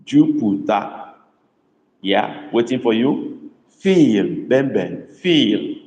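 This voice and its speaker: A man teaches a live online class and repeats words slowly and patiently. He calls on students by name. His voice rings in a roomy space with a long reverb tail. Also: medium pitch, very animated, a little mellow, highs cut off. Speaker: language tutor. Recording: echoey room with long reverb.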